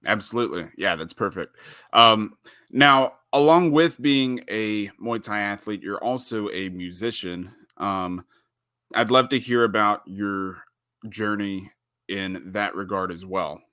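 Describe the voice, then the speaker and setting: A man's voice: lowish voice, measured pace, bright, forceful tone, no room sound, clean studio sound. A man interviewing an athlete, asking questions in an upbeat, encouraging way.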